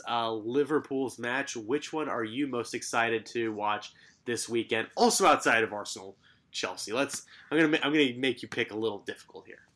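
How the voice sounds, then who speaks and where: A man's voice: medium pitch, pushed and bright. A man co-hosting a sports podcast, rattling through fixture lists with sarcastic asides in casual chat. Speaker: podcast co-host.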